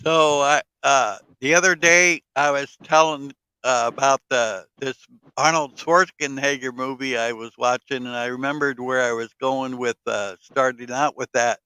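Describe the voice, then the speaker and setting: A man's voice: medium pitch, steady tone, moderate pace, bright, forceful tone, clear, resonant tone, dry recording, rough recording. A man in casual chat, telling rambling stories with fillers, swearing and frequent laughter.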